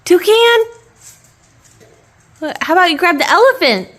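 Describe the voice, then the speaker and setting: A woman's voice: high voice, a little slow. A young woman playing with her toddler at home, talking in a sing-song baby-talk voice full of gasps and praise. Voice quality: bright, animated parent voice with gasps and laughs.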